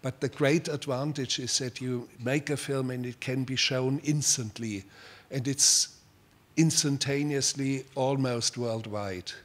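Older German-accented man, halting and measured. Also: mid-range voice, fairly even intonation. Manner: measured, with many hesitations and repeated words. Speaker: guest filmmaker answering audience questions. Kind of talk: unscripted public Q&A answers.

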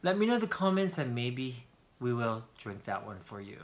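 Animated man hosting a vlog. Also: mid-range voice, normal speed. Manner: animated, exclaiming and laughing. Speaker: vlog host. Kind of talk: casual chat, taste-testing.

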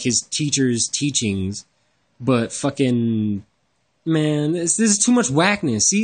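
A man's voice: fairly high pitch, breathy edge. A man delivering a rambling, profane, exasperated rant as a religious commentator reacting to another creator's videos, repeating himself as he gets worked up. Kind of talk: heated reaction rant over screen-shared videos.

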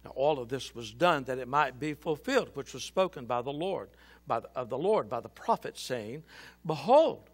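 A male pastor reading scripture and a book aloud dramatically in a church, swinging between loud and hushed. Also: mid-range voice, lively intonation, moderate pace. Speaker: senior pastor. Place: church sanctuary.

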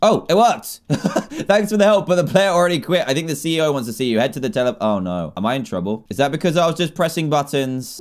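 A young man giving excitable, jokey commentary while playing a block-building game, often laughing and yelling. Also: medium pitch, brisk, clear, resonant tone. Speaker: gaming video creator. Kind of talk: Minecraft let's play commentary.

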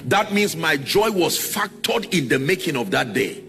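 A man's voice: fairly high pitch, sing-song, moderate pace, gravelly, over music. A man preaching a sermon to a congregation, drawing responses from them and sliding into sung, chanted phrases. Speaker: pastor.

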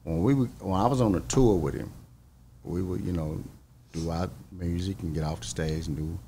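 A man, a singer, chatting as an interview guest and telling stories in an animated, laughing way. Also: sits low, normal speed, gravelly, a little hiss or hum. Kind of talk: storytelling interview chat.

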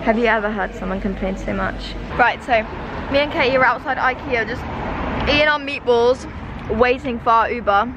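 A woman's voice: a little high, moderate pace, background noise. A woman chatting casually in a vlog, self-mocking and talkative. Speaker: vlogger.

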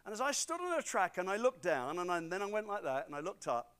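Middle-aged British male preacher, emphatic sermon delivery, high-pitched and very animated. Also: quick pace, clear, resonant tone. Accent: British English. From Britain. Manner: swings from loud preaching to quiet storytelling; animated, emphatic, repeats for stress. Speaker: pastor.

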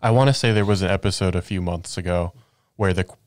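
A man on a games podcast panel, talking in casual chat, thoughtful and measured. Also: sits low, a little mellow, smooth, dry recording, studio quality.

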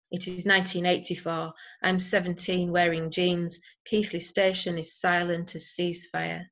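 Over a video call, a Yorkshire poet from England reads her poems in a steady, measured manner, her slightly low voice barely rising or falling. Between poems her talk turns hesitant and full of fillers.

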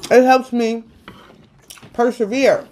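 A woman host speaking earnestly about faith and perseverance in a casual chat, talking like a sermon and protesting loudly when teased. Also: a little high, steady tone, takes it slowly. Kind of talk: casual faith talk on an eating show.

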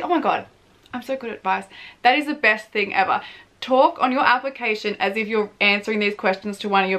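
A young woman in her twenties talks straight to camera in a loose, chatty vlog. Her voice is bright and forward, and she swears easily, laughs a lot and pokes fun at herself. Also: medium pitch. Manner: chatty, swears freely, laughs often, self-mocking. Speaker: vlogger, former reality show contestant. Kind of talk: casual advice vlog.

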